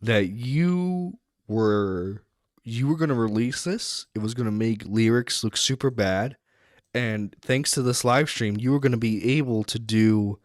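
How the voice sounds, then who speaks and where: A man's voice: medium pitch, no room sound. Dry-voiced laughing male show host. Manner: laughing, mocking, blunt. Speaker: internet radio host. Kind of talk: commentary on stream drama.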